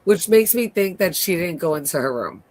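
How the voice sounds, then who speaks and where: A woman hosting a casual live recap, retelling scenes in an animated way and acting out the characters' lines. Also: on the low side, a little fast. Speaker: host.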